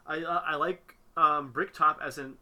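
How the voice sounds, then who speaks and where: Guy on a movie podcast, super bright voice, says "like" constantly, gets worked up. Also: fairly high pitch, normal speed. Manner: chatty, uses "like" a lot, animated when critiquing. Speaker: podcast co-host. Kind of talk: casual film discussion.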